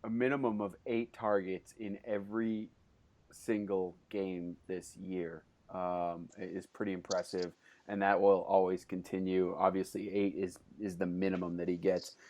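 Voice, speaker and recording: A man with a fairly low voice hosts a laid-back podcast conversation. He talks loosely and keeps stopping to restart his sentences, with lots of "uh" and "um" as he steers the chat. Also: unhurried. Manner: relaxed, loose, with frequent fillers and restarts. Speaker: podcast host.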